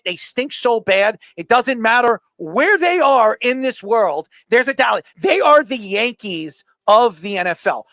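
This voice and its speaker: Gravelly, argumentative man, high voice. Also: a bit bright, no room sound. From New York. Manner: blunt, argumentative, dismissive. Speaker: podcast co-host. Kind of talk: casual sports debate.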